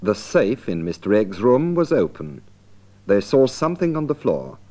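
Man narrating a lesson, lively low voice. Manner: slow, deliberate, explanatory. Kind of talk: scripted narration for learners.

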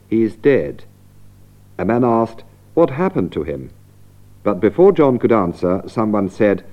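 Man, lesson narrator, clear and measured, low voice with lively pitch, slightly dull lo-fi recording. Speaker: narrator and presenter. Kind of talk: scripted narration for English learners.

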